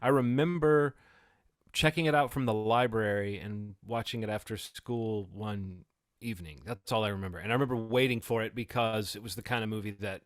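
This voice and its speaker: A man's voice: on the low side, a little fast, no room sound, studio quality. A man in his forties chatting thoughtfully as a podcast co-host reviewing a film, often restarting his sentences. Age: 40s. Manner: thoughtful, reflective, many restarts. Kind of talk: casual film review chat.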